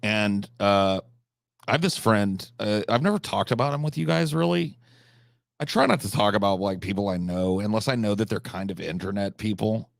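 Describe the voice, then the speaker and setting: A man hosting a live stream, telling rambling, absurd comic stories with deadpan delivery and profane asides. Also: fairly low pitch, normal speed, creaky, dry recording, studio quality. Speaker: livestream host.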